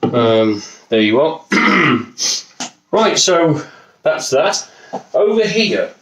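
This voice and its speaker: Speaking slowly but very animatedly in a slightly high voice, a Wolverhampton man with a West Midlands accent jokes and rambles through a home cooking demonstration, swearing casually. There's slight background noise, the kitchen echoes and his voice is off-mic.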